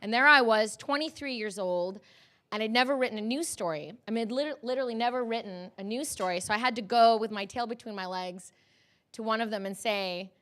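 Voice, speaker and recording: A journalist in her thirties tells a personal story on camera in a lively way, laughing often and acting out the people she quotes. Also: a little high, fairly quick.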